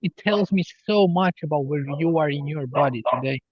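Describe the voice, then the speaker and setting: A man talking as a healer guest on a podcast, slow and earnest as he explains spiritual ideas. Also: on the high side, no room sound, dull audio. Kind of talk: podcast interview.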